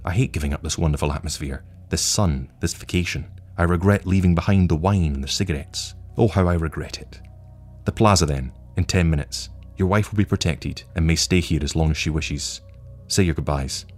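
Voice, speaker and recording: A cold, patient male agent from the future speaks with calm, wry menace in a very deep voice, as a man puts him on. His delivery is languid and measured, with faint music underneath. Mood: menacing.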